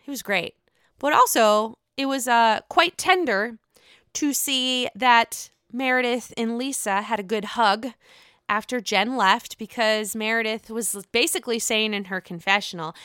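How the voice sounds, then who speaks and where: A young woman casually recapping a reality show on her own, blunt and quick to swear, often mimicking people in exaggerated voices. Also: on the high side, a bit bright, clean tone, no echo, clean studio sound. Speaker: reality TV commentator. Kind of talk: casual solo recap chat.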